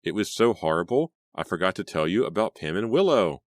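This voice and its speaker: A man's voice: low-pitched, very animated, brisk, dry recording, studio quality, voice pushed up. A man voicing a spoiled, scheming teenage girl who gushes sweetly and snaps sarcastically. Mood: pleading. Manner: gushing, sarcastic, sharp-tongued.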